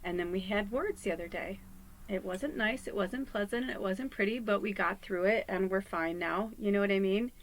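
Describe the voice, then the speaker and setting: Over a low-quality recording with a bit of hiss or hum, a woman's mid-range voice moves at a moderate pace. She's a psychic medium and card reader chatting casually to viewers from home, rambling, candid, and quick to swear and laugh.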